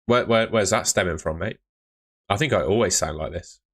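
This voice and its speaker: A man's voice: deep voice, normal speed, a bit bright. A man hosting a casual live stream, chatting and answering viewers' questions, often calling them mate.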